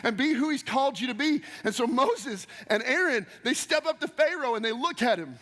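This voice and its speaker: A man's voice: very high-pitched, animated, a little fast, a bit bright. A man preaching a sermon in a church with energy, speaking directly to the congregation and asking them questions. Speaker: pastor. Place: church sanctuary. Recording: long hall reverb.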